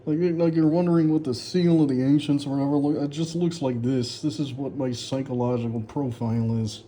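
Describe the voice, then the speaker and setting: A man's voice: mid-range voice, steady tone, a little fast, dark tone, slight background noise. A man in casual commentary, reacting sarcastically to his own old writing, mocking it and laughing often. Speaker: author reviewing his old story.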